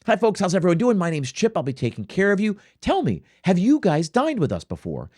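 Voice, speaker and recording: A man's voice: high-pitched, huge pitch swings, fairly quick, a little mellow, pitched above the performer's own voice, full character voice. A man acting out a bubbly, eager restaurant server greeting guests at a table in a gushing, overly cheerful way. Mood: warm welcoming.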